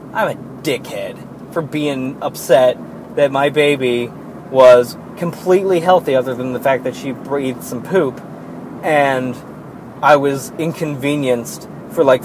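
A man's voice: mid-range voice, measured pace, slight background noise, rough recording. A young man, a new father, telling a rambling personal story in a casual, profane way.

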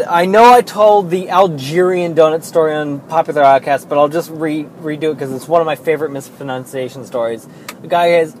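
A man's voice: on the high side, normal speed, slight background noise, poor audio. A man telling rambling, profane, exasperated stories in a casual monologue, talking in a car. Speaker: vlogger telling work stories.

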